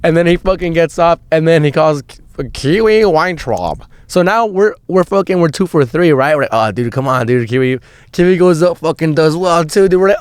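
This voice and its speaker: Young guy podcast host rambling a story, lots of swearing, kinda high voice, dry close sound. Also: brisk, clear, resonant tone, dry recording. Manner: rambling, profane, restarts a lot. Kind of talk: casual storytelling monologue.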